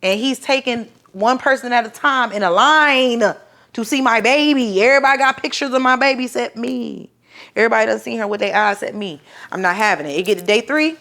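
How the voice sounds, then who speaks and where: A woman's voice: mid-range voice, pushed and bright. A young woman telling a personal story in casual talk, acting out the voices of other people and swearing freely.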